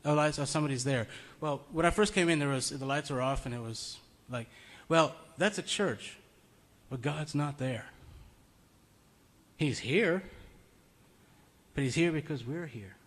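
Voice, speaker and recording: A man's voice: on the high side, a little slow, long pauses, fairly bright tone. A man giving an informal, conversational sermon in a meeting room. He tells stories and chuckles often. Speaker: preacher.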